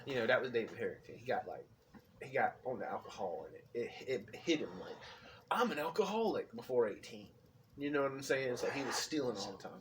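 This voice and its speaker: A man rambles through a long story in loose, profane podcast chat, leaning on fillers. He sits back from the mic, and clear background noise runs under his voice. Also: medium pitch, quick pace, far from the mic, poor audio. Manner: rambling, profane, fillers like "you know what I'm saying". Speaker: podcast co-host.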